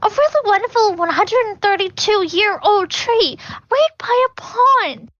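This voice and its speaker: Girl playing earnest nature-loving character, very high voice, blunt and indignant. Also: expressive, unhurried, fairly bright tone, no echo, dull audio, exaggerated voice. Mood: upset.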